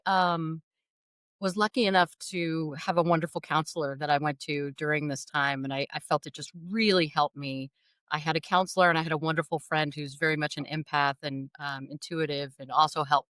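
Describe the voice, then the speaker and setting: A middle-aged woman, an author and interview guest, telling a personal story in an animated, self-deprecating way. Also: low-pitched, dry recording, clean studio sound.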